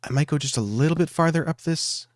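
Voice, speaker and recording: A man hosting a gaming video, casually talking through his gameplay, joking about himself and thinking out loud. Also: fairly high pitch, quick pace, no echo, studio quality. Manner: chatty, self-joking, thinking aloud.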